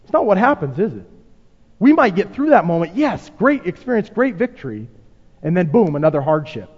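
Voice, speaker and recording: Animated high-voiced preacher in a hall. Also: male voice, fairly quick, breathy edge. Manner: dramatic, acts out quotes, rhetorical questions to the congregation. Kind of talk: sermon. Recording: muffled sound with long hall reverb.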